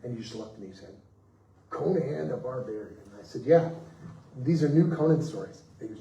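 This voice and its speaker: A man of middle pitch tells stories on a festival panel, lively and expressive, slipping into the voices of the people he quotes. He sits some way from the mic, and the room around him rings with echo. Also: fairly quick, distant mic, lo-fi sound, slight background noise. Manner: animated, acts out quoted voices, laughs mid-story. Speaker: comics writer on a festival panel. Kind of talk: anecdotal storytelling on a panel.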